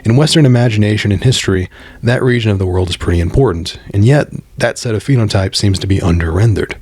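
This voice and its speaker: A man's voice: fairly low pitch, quick pace, a little mellow, husky, dry recording. An American man delivering a scripted commentary monologue in a blunt, opinionated way, swearing freely. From United States.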